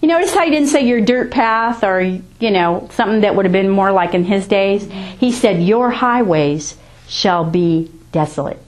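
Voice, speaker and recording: A woman's voice: mid-range voice, normal speed, few pauses, a little mellow. A woman preaching a sermon, reading scripture aloud and driving her points home with rising and falling emphasis.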